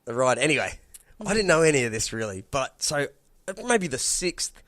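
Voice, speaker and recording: A man's voice: medium pitch, sing-song, fairly quick, a bit bright, dry recording. A man hosting a podcast in casual chat. He talks a lot, swears casually and keeps checking in with his listeners.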